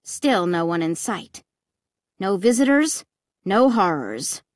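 A woman narrating an audiobook in the first person, with expressive, dramatic storytelling on a close mic. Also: medium pitch, slow, dry recording.

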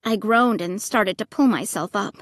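A woman narrating a first-person audiobook in a dramatic, expressive reading that breaks into shrieks. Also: mid-range voice, moderate pace, no room sound, clean studio sound.

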